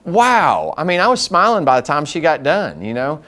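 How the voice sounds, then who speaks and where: A man's voice: fairly high pitch, normal speed. A man giving a customer service training talk to school district staff, telling stories and acting out the dialogue in them. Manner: lively storyteller who acts out dialogue.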